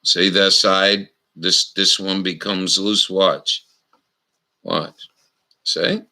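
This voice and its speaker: A man hosting a casual livestream, showing knots slowly and cracking crude jokes with viewers in the chat. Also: low voice, flat delivery, sharp tone, rough recording. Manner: salty, crude humor with frequent swearing; slow, instructional, talking to chat viewers. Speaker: livestream host.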